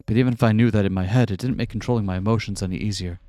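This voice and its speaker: A man's voice: lowish voice, fairly even intonation, rapid-fire, warm tone, no room sound. A man hosting a let's-play, reading a visual novel aloud in a casual way with joking asides.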